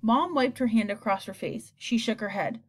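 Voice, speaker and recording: A woman narrating a first-person audiobook in an animated storytelling manner. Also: a little high, moderate pace.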